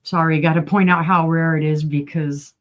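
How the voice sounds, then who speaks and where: A woman's voice: sits low, fairly even intonation, moderate pace. A woman co-hosting a live online sale, calling bids and chatting between items.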